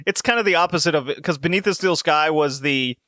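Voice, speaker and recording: A man's voice: on the high side, fast, sharp tone, no echo, clean studio sound. A male podcast host chatting casually and animatedly about video games, laughing often. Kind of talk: casual chat.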